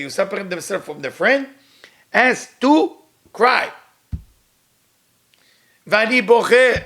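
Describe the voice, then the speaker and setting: Man, high voice, quick, reads then explains in English. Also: a bit bright. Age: middle-aged. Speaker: Kabbalah teacher. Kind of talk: storytelling lesson with translation.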